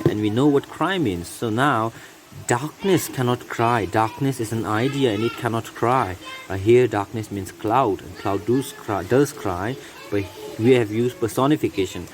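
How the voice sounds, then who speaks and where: Male teacher, lowish voice, patient, asks rhetorical questions, light background hiss. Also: darkish tone, poor audio. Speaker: English teacher. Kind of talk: recorded video lesson.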